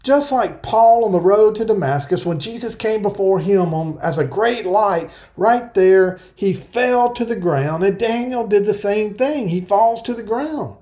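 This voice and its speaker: A man preaching an earnest verse-by-verse sermon, explaining scripture and reading passages aloud slowly. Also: high voice, lively intonation, dark tone. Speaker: pastor. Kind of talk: Bible-teaching sermon.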